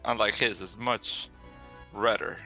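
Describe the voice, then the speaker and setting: A man's voice: fairly low pitch, steady tone, measured pace, sharp tone, soft background music. A man playing in a tabletop game, joking around playfully and describing his character's moves. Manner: jokey, playful, laughs often. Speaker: player. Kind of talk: casual tabletop game play.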